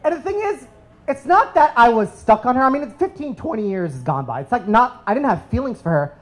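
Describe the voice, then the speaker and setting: A man in his thirties from the United States tells a funny personal story live on stage. He is animated, playful and self-deprecating, and he speaks into a stage microphone. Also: extremely high pitch, brisk, poor audio. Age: 30s.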